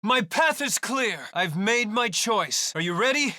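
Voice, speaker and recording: A determined young warrior in a fighting game, calling out steady challenges. Her voice is high and very bright, close and dry. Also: a little slow, dry recording. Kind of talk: video game voice acting.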